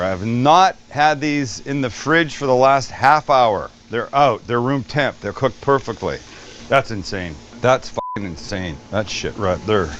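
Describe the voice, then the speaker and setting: A man's voice: mid-range voice, fairly bright tone, dull audio, a little hiss or hum. A man hosting a cooking show, demonstrating a recipe in an upbeat, joking way and swearing freely.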